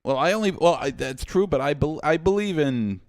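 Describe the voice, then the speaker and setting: A man's voice: on the high side, animated, brisk, dry recording, studio quality. A man in his mid-forties co-hosting a podcast, joking crudely and swearing freely. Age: 40s. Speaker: podcast co-host. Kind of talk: casual banter.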